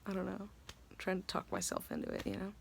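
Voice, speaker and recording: A woman's voice: mid-range voice, very animated, quick pace, vocal fry, background noise. A young woman talking to camera in a casual vlog, chatty and rambling, giddy and self-mocking, tired and hungry. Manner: giddy and scattered. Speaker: actress vlogger.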